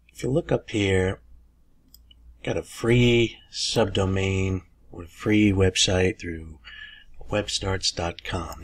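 A man hosting a casual screen-recorded software tutorial, folksy and chatty with lots of "okay"s. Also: low voice, husky. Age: older. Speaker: tutorial host.

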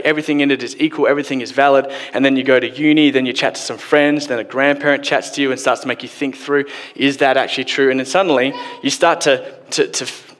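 A man preaching a sermon in a church, casual and joking, acting out quotes as he goes. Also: mid-range voice. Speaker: pastor. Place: church hall. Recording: long hall reverb.

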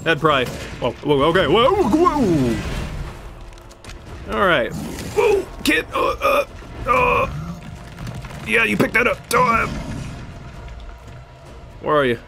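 A man giving chatty, excitable let's play commentary, yelping and laughing while he talks to the enemy on screen. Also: high-pitched, unhurried, gravelly, pauses often, music in the background. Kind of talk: live gameplay commentary.

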